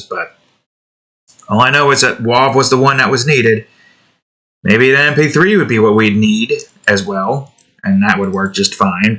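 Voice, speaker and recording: A man's voice: lowish voice, pushed and bright. A young man hosting his own drawing series, chatting casually while he works, rambling and often correcting himself mid-sentence. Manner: rambling, self-correcting, trails off.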